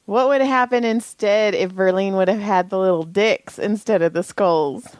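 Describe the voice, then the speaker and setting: A woman's voice: mid-range voice, normal speed, a little mellow, dry recording. A woman co-hosting a podcast, chatting bluntly with profane, teasing banter. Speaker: podcast co-host. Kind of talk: casual chat.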